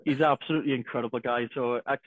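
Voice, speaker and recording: Racing along in a mid-range voice, this man co-hosts a podcast with energetic, casual talk full of swearing and restarts. The audio is dry and tinny, phone-like.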